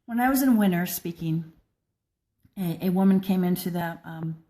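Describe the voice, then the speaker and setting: A woman's voice: on the low side, moderate pace, dark tone. An older woman from the American Midwest, speaking to her readers in an earnest, personal reflection with frequent restarts. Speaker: blogger and speaker.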